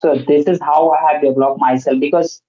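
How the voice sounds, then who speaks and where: A man's voice: fairly high pitch, fairly even intonation, brisk, warm tone. A man chatting earnestly in a casual conversation, speaking learner English with many fillers. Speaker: host. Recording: muffled lo-fi audio.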